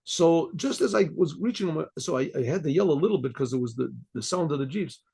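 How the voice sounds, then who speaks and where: An older man, a rabbi, telling a story to his class in a rambling way, repeating himself and often clearing his throat. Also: a little high, expressive, fast, a little mellow.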